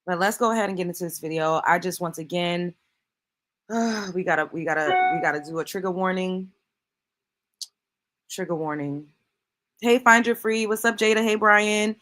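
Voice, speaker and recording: A woman's voice: lowish voice, moderate pace, pauses often, fairly bright tone. Emphatic preachy woman commentator. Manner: preachy, emphatic, swears freely. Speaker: commentary host. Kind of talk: reaction commentary.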